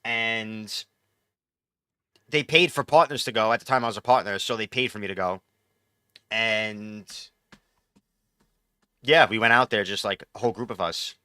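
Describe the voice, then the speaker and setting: A man's voice: on the low side, normal speed, long pauses, sharp tone, clean tone, dry recording. A man chatting casually on a live gaming stream, rambling and swearing as he answers chat. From New York.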